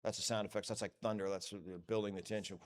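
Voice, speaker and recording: A man's voice: lowish voice, quick pace, a little hiss or hum. Joking man giving a conference talk. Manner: lively, joking, acts out quoted voices. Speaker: conference speaker. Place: conference hall.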